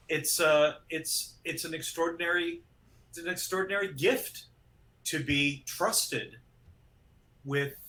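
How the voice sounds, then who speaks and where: Man as preachy guardian, bright and slow. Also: a little high. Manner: pompous, lecturing. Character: lofty, dutiful town guardian.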